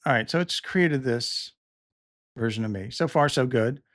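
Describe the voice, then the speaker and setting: A middle-aged man, a podcast host, walking through a software demo in a relaxed, casual way, thinking aloud with small restarts. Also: medium pitch, normal speed, no room sound, studio quality. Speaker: podcast host demonstrating tools. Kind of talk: casual tutorial narration.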